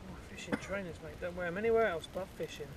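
A man's voice: high voice, fast, noisy background. A man on a fishing trip, chatting and teasing his friends outdoors by a lake. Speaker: angler on the trip. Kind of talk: casual chat.

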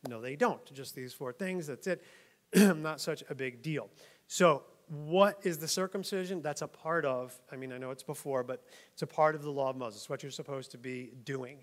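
A pastor from New York preaching a conversational sermon, often laughing and checking in with "right?". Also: male voice, a little high, moderate pace. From New York, USA. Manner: chatty, laughs often, keeps asking "right?".

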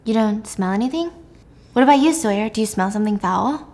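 A woman voicing a mother who sounds soft, puzzled and anxious. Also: mid-range voice, lively intonation, fairly quick, lightly acted. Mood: uneasy. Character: uneasy young mother.

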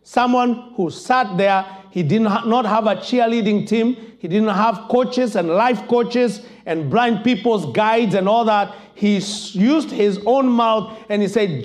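A man preaching a sermon as pastor, impassioned and building to shouted emphasis. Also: high-pitched, unhurried, few pauses.

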